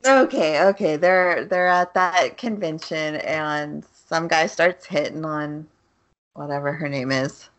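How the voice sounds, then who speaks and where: A woman's voice: low-pitched, slow, a bit bright, dull audio. A woman co-hosting a casual podcast chat, giggling as she retells scenes and quotes the characters. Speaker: podcast co-host.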